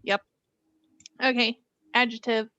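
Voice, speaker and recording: A woman's voice: on the high side, steady tone, takes it slowly, bright, forceful tone, muffled recording. A woman co-hosting a casual podcast, amused and matter-of-fact, laughing often. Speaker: podcast co-host. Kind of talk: casual chat.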